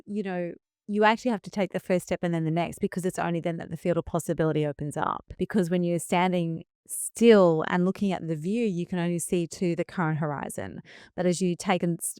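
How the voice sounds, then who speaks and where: A woman's voice: on the low side, a little mellow, smooth, dry recording, clean studio sound. A middle-aged woman hosting a podcast interview, telling stories in a conversational way and acting out the voices she quotes. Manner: storytelling, acts out quoted voices. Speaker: podcast host.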